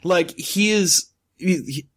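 A man talks through a bad movie in a casual podcast chat, his voice sitting slightly high. He riffs freely and laughs often, keeping the tone loose and playful. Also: slow, a bit bright, slightly rough. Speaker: podcast co-host.

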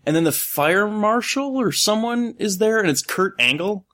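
A man talks through a bad movie in a casual podcast chat, his voice sitting slightly high. He riffs freely and laughs often, keeping the tone loose and playful. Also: lively intonation, normal speed, bright, forceful tone. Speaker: podcast co-host.

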